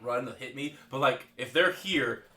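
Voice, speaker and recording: Male player, bright and forceful tone, eager and chuckly, echoey room with faint hiss. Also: medium pitch. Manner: eager, laughing, asks quick questions. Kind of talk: tabletop game chat.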